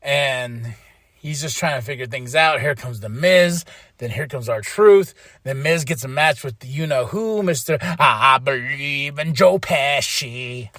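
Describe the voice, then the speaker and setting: A man hosting a podcast, recapping a wrestling show in a casual, animated way, laughing and acting out quotes. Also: medium pitch, measured pace, no echo, studio quality. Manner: animated, laughs often, quotes others in voices. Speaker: podcast host.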